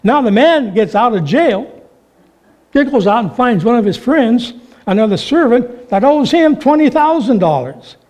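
A man preaching a sermon, telling stories with animated delivery and acting out the voices in them. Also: extremely high pitch, moderate pace. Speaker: pastor.

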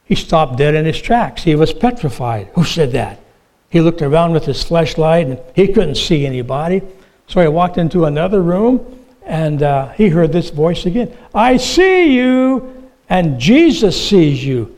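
A man preaching a sermon, telling illustrative stories and asking the congregation questions, with frequent "uh" pauses. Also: fairly high pitch, animated, dark tone, poor audio. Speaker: pastor.

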